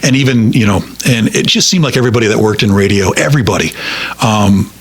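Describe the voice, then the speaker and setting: Husky-voiced man telling radio stories. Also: on the low side. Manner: rambling, halting with many restarts. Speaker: radio broadcaster guest. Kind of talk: casual storytelling interview.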